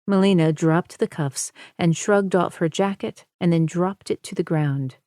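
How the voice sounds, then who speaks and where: A woman reading a suspense audiobook in a measured, even narration style. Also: lowish voice, no echo, clean studio sound. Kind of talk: scripted narration.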